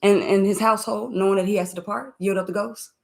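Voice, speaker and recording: A woman's voice: medium pitch, fairly even intonation, quick pace, vocal fry, a little mellow. A woman in a Bible study dialogue with a voice in the middle of the usual female range. She explains and exhorts in a preaching manner, firing off rhetorical questions and short commands to drive each point home. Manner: affirms constantly and asks rhetorical questions, emphatic exhortation.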